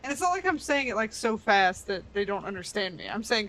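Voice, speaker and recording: Woman, 30s, bright tone, casual storyteller. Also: mid-range voice, very animated, a little fast, few pauses, low-quality recording. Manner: storytelling with acted quotes, laughs often. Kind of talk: casual chat.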